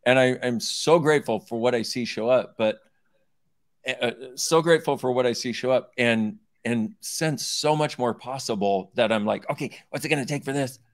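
A man's voice: mid-range voice, normal speed, no room sound, studio quality. A man as guest in a conversation, playful and earnest, speaking with heartfelt gratitude. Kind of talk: casual conversation.

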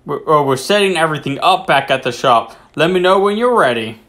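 A man's voice: a little high, animated, fairly quick, a bit bright. A man reading game dialogue aloud as a cheery middle-aged shopkeeper father, trying a Southern drawl and mostly missing it. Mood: jovial. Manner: weak try at a Southern drawl.

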